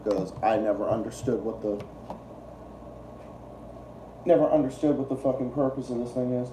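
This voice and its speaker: A man's voice: mid-range voice, fairly even intonation, normal speed, mellow, reverberant, recorded from a distance, a little hiss or hum. A young man hosting a livestream, ranting in a profane, repetitive and exasperated way. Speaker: political livestream host. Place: room at home, eating while streaming.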